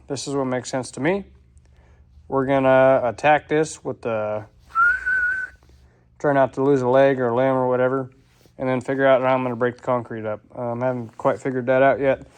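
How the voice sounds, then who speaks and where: A relaxed man explains his shop work as he goes, thinking out loud and admitting he isn't sure it's right. He sounds a little out of breath from the digging, and the talk stays casual and unpolished. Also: mid-range voice, clear, resonant tone. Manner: unsure, thinking aloud, laid-back. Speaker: DIY vlogger. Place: shop or garage.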